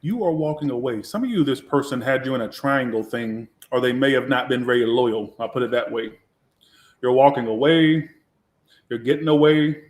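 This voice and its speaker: Brief: mid-pitched man reading tarot live, blunt and foul-mouthed with sass, in a roomy echoing space. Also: normal speed. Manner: blunt, sassy and profane. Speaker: tarot reader. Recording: echoey room.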